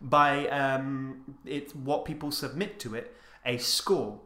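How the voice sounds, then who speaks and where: A chatty man hosting a casual podcast, rambling along and laughing easily. His voice is bright and forward, and the room around him is noticeably roomy. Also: mid-range voice, steady tone, slow pace. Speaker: podcast host. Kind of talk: casual chat.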